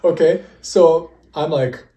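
His voice sits a little high and he talks slowly. As a young podcast co-host, he tells stories casually with lively energy, frequent laughter and acted-out dialogue, all in an echoey room.

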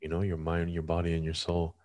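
A man's voice: low-pitched, monotone, brisk, a little mellow. A man hosting a conversation, reflecting back on his guest's story in an affirming, thoughtful way.

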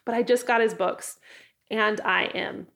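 Excited homestead lady chatting to camera about books she loves, kinda nerdy and chatty. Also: medium pitch, measured pace, creaky. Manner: enthusiastic, chatty, self-deprecating. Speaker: homesteading vlogger. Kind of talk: casual book recommendations to camera.

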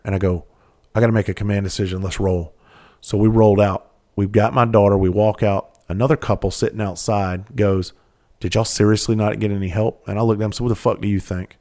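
A man with a very low, deep voice tells a personal story in a blunt, unpolished way. He swears freely and restarts his sentences as he talks. He speaks with the deliberate weight of a former first responder. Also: darkish tone. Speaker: father telling a personal story. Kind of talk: candid personal storytelling monologue.

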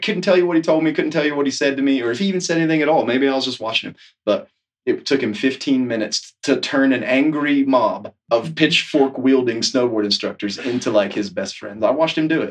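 Brief: male instructor, rapid-fire storyteller, mid-range voice, a bit off-mic. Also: mid-range voice, far from the mic. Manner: animated, rapid, full of asides. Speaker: snowboard instructor colleague. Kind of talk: casual storytelling.

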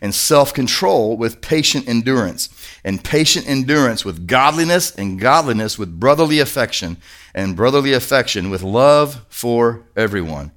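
A man from Kentucky, a pastor, preaching a sermon in a church in a lively, conversational way, asking the congregation questions. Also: mid-range voice, moderate pace.

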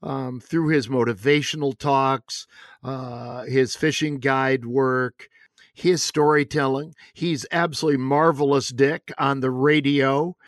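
A man's voice: mid-range voice, steady tone, slow, no echo, studio quality. A man hosting a radio interview, asking questions and praising his guest with fillers. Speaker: radio host and race announcer.

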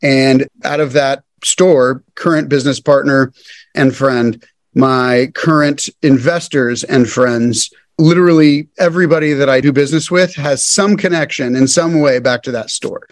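Speaking at a measured pace with a medium-pitched voice, a thirtysomething man guests on a podcast and shares his business story in a relaxed way. He's an animated storyteller who performs the dialogue he quotes, and the recording is dry.

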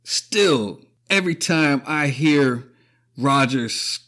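A man's voice: a little high, normal speed. A man hosting a podcast, talking through a casual opinion monologue, emotional and profane, choking up and laughing often. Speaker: podcast host.

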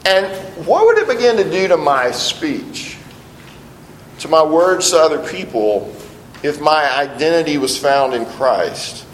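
A middle-aged pastor preaches an earnest sermon in a slightly high voice, often doubling back on his words. He sounds roomy and reverberant, as if in a large sanctuary, with a faint rumble underneath.

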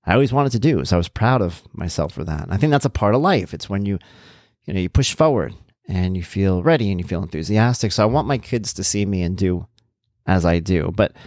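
A man in his thirties hosts a podcast, casually telling a story and acting out both sides of the conversation in an animated way, jumping to a high voice whenever he quotes himself. The recording is dry and studio quality.

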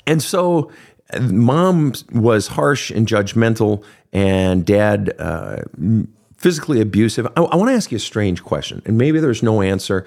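A man's voice: on the low side, expressive, a little slow, creaky, darkish tone. A man hosting a counseling show, speaking bluntly and swearing casually as he questions his guest. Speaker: counselor host. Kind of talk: counseling conversation.

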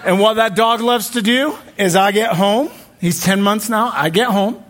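Young guy preaching, pretty high voice, chatty and jokey, lots of restarts. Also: moderate pace, a bit bright, a little hiss or hum. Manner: conversational, joking asides, many restarts. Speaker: pastor. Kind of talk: sermon. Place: church.

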